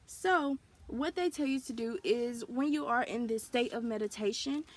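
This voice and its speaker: A woman's voice: fairly high pitch, moderate pace. A woman vlogger speaking in an earnest, confessional way, sharing personal experiences in a casual talk to camera. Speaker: spiritual wellness vlogger. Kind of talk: candid personal vlog talk.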